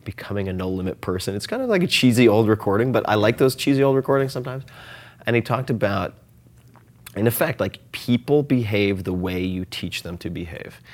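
A man talking as a guest in a casual interview, animated and self-deprecating, often restarting and filling with "like". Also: fairly low pitch. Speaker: podcast guest.

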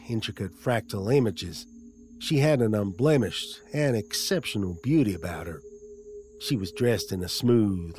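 Low-voiced male storyteller. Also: a little mellow. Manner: wry, comic storytelling. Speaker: narrator. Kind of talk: scripted audiobook narration.

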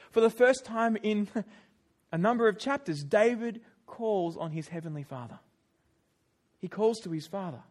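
A young man preaching a sermon, retelling a scripture story and sharing personal stories, his voice rising for emphasis. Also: high voice. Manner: animated storytelling, raises voice for emphasis.

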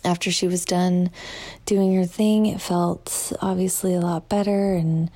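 A woman telling a personal story in a casual way. She often drops into a hushed whisper and acts out her own lines with lively quotes. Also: on the low side, measured pace. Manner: animated, quotes herself in a lively voice.

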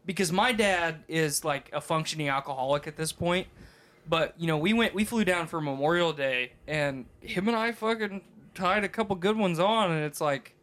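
A man's voice: on the high side, normal speed, a bit bright. A man in his thirties co-hosting a podcast, talking in a rambling, profane, casual way and laughing often. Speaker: podcast co-host.

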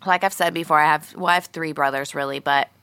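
Woman in her thirties, podcast co-host, crude and profane storyteller, low pitch with a bright edge. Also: steady tone, fast, smooth, dry recording. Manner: crude, profane storytelling with loud shouted outbursts. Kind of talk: casual chat.

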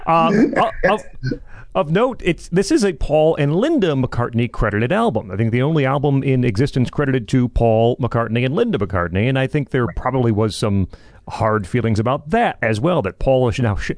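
Animated man co-hosting a music podcast. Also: medium pitch, moderate pace, no echo, studio quality. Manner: enthusiastic, animated. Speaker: podcast co-host. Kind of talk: casual music discussion.

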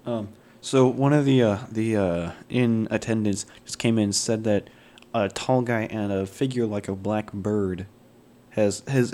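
A man's voice: fairly low pitch, a little mellow. A man playing his character in a tabletop role-playing game, speaking hesitantly with frequent fillers. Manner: hesitant, with many fillers and restarts. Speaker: player.

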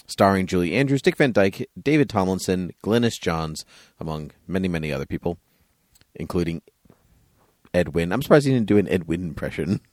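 This is a man hosting a casual podcast. His voice sits very low, and he laughs often while lightly teasing his co-host. The sound is dry and close, with no room echo. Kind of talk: casual chat.

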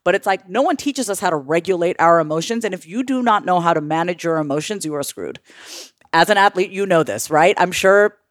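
Blunt, lively woman coach in podcast chat, dry close mic. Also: fairly low pitch, a little fast, no echo. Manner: animated, blunt, casual swearing. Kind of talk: podcast conversation.

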